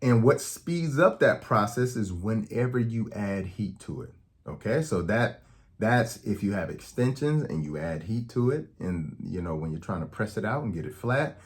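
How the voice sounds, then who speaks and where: A man's voice: lowish voice, animated, normal speed. A man talking to camera as a health educator, conversational and explanatory, often checking in with "okay?". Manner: acts out quoted dialogue in anecdotes. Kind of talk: direct-to-camera talk.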